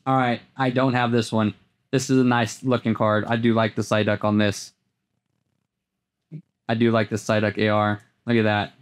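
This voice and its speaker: A man hosting a card pack opening, talking casually as he flips through cards, often repeating words and jumping into excited highs. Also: normal speed, long pauses, smooth. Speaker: host opening trading card packs. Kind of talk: casual unboxing commentary.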